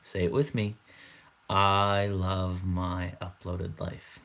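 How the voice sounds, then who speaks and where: A mock hypnotist speaks in a hushed, low voice, as a young man puts him on. He drags each command out slowly and soothingly, like a stage act. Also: level tone, vocal fry, full character voice. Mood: hypnotic. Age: 20s. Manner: slow, hushed, drawn-out commands.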